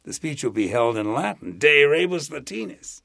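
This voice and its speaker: An older man in a casual interview, speaking in an animated, rambling way with chuckling asides. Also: fairly high pitch, normal speed, creaky, no room sound. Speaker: interviewee, Latin expert.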